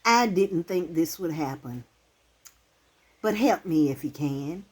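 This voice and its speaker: A woman in her sixties who hosts her own channel and talks straight to camera. Her voice is soft and breathy and lower than most, and she speaks slowly. It rises and falls a lot, and her manner is heartfelt, halting and emotional. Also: lively intonation. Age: 60s. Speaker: channel host. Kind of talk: casual talk to camera.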